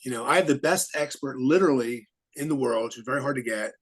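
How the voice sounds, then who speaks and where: A man, an attorney, speaking as a guest in a casual interview, halting with many restarts and fillers. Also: mid-range voice, rough recording.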